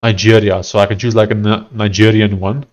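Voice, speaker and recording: His delivery is flat and brisk, his pitch fairly low. The South African software developer streamer offers casual commentary while live coding, hesitantly thinking aloud and often restarting sentences.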